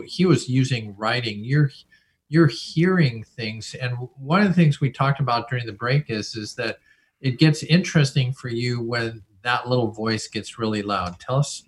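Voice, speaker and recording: A man's voice: mid-range voice, moderate pace, slightly rough. An older man hosting a casual podcast chat, talking loosely with lots of fillers and restarts. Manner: chatty, many fillers and restarts. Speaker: host.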